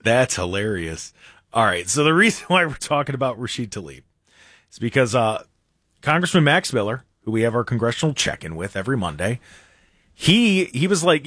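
A man's voice: medium pitch, normal speed, dry recording, studio quality. A man hosting a political talk show, casually reacting to listener tweets and clips and laughing often. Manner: laughing, animated, reads listener tweets aloud.

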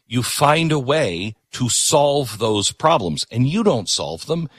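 A man's voice: mid-range voice, big pitch swings, slow pace, fairly bright tone, breathy edge, dry recording, studio quality. A man hosting a talk show, delivering an opinionated, emphatic monologue that repeats words for punch.

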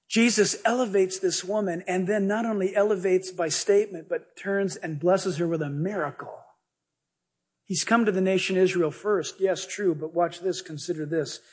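A male pastor preaches with animated, joking energy, slipping into stories as he goes. His voice sits high for a man and has a husky edge. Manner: animated, jokey, storytelling preacher. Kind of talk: sermon.

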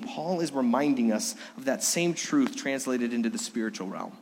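A middle-aged male pastor preaching a sermon, swinging between emphatic raised passages and soft, hushed lows. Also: breathy edge. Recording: long hall reverb.

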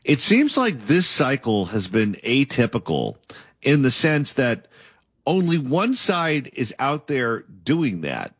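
A man hosting a political interview, with a mid-pitched voice and long, opinionated questions. The recording is dry and close, with no room echo. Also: wildly swooping pitch, takes it slowly, a bit bright, husky.

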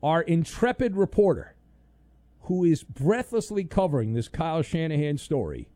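A man's voice: a little high, sing-song, normal speed, no echo. A man hosting a sports talk show, loose and jokey, reading listener messages and taking calls. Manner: loose, jokey, bursts into loud mock outrage.

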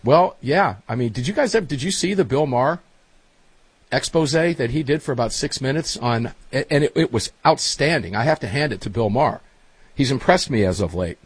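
A man hosting a casual chat show, telling stories in a chatty, animated way. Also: medium pitch, fairly quick, slightly rough, dry recording. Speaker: host.

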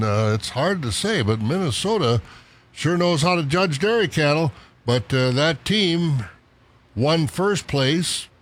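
Chatty Midwestern man on farm radio. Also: medium pitch. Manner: chatty, rambling with fillers and asides. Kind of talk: casual radio farm news.

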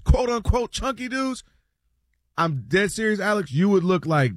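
A man riffs on basketball with his co-hosts in a lively, storytelling way. His voice sits a touch high and leaps up and down in pitch. The sound is close and dry. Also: moderate pace, dry recording. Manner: animated, playful storytelling. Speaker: sports show co-host. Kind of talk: casual sports banter.

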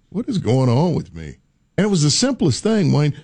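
A man's voice: on the high side, huge pitch swings, moderate pace, darkish tone, slightly rough, no room sound. A man hosting a talk radio show, chatting casually and laughing often as he tells stories. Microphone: studio microphone.

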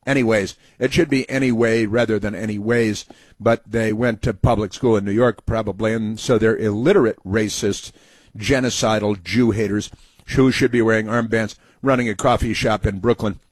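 A man's voice: fairly low pitch, fairly even intonation, moderate pace, no room sound. Sarcastic man on talk radio, dry sound. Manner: sarcastic, rambling with many fillers. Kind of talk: political talk monologue.

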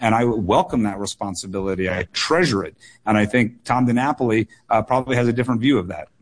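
A low-pitched man speaks as a political candidate on call-in radio. He answers in an earnest way, repeating words and padding with fillers as he builds his points. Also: fast talker. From United States. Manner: earnest, repetitive phrasing with many fillers and doubled words.

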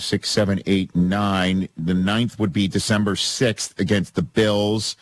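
A man hosting sports talk radio, running brisk, playful banter with callers as he walks through a schedule. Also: lowish voice. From New York area. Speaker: radio host.

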